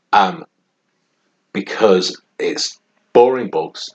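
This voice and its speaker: His voice sits low, creaky and slightly rough, yet expressive, and he takes his time. He's co-hosting a podcast, rambling casually and frequently breaking into laughter, on a dull lo-fi recording with a bit of faint noise.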